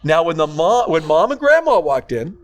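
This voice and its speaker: An older man, a grandfather, telling rambling family stories in casual chat and acting out quotes loudly. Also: on the high side, big pitch swings, normal speed. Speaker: podcast co-host.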